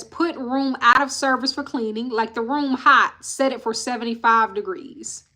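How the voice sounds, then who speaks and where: Court testimony is recapped on a live stream by a woman whose voice is bright and somewhat high. She reads quotes out plainly, then stops to sigh or speak directly to viewers, her tone staying casual and frank. The audio is from a live-stream mic.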